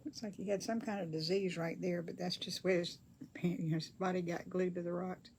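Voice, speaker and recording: A woman's voice: lowish voice, fairly even intonation, a little fast, gravelly, a little mellow, a little hiss or hum. An older woman chats casually with viewers during a craft livestream, reading their comments aloud in a folksy way. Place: home craft table.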